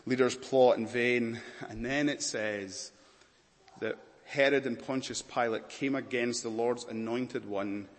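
A man's voice: fairly low pitch, big-room sound. A man preaching a dramatic sermon in a church, questioning the congregation intently.

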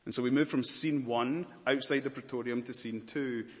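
A man's voice: mid-range voice, fairly even intonation, moderate pace, long reverb tail. A man preaching a sermon in a dramatic, emphatic manner, stacking up repeated words and lists.

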